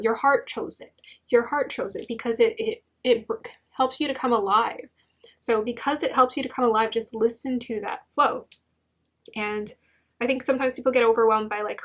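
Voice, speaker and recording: A young woman giving a gentle, encouraging tarot reading, with many restarts and fillers. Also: fairly high pitch, fairly even intonation, moderate pace. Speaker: tarot reader.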